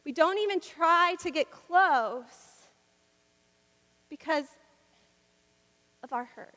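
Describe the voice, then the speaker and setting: A woman preaches in a church, her delivery rhythmic, repetitive and emphatic. Her voice is high and bright. It echoes through a large reverberant hall. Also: lively intonation, slow pace. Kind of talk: sermon.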